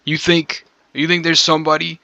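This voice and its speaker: A man chatting casually on a stream, rambling in slangy, profane talk and calling the listener bro. His voice is a little hoarse from smoking. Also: on the high side, monotone, normal speed, bright, forceful tone, dry recording, highs cut off.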